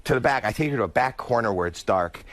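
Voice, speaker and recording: Animated male comic telling a story. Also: fast, no room sound. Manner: animated, drops low for quoted lines, squeals when excited. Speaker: guest comedian.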